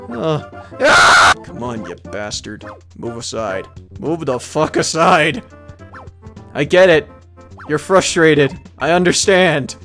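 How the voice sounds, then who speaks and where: A man giving casual gameplay commentary as a let's player, laughing often, swearing, and breaking into loud frustrated outbursts. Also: sits high.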